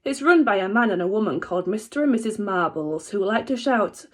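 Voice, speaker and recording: Expressive woman reading a children's book. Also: medium pitch, fairly quick. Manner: expressive, animated. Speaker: teacher reading aloud.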